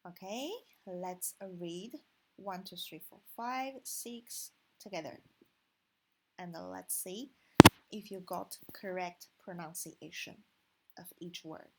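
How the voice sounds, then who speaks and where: A woman's voice: fairly low pitch, slow pace, slight background noise, poor audio. A woman with a Chinese accent teaching a language lesson online, patient and explaining step by step with frequent "okay". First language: Mandarin Chinese.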